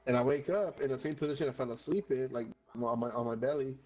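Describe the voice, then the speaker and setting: A man in the middle of a relaxed gaming chat spins a rambling tale. He restarts sentences, curses freely and drops Spanish phrases in with his English. His voice sits at an ordinary middle pitch. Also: quick pace, low-quality recording. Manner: rambling, swears often, slips into Spanish phrases. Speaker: gamer chatting with friends. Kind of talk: casual storytelling chat.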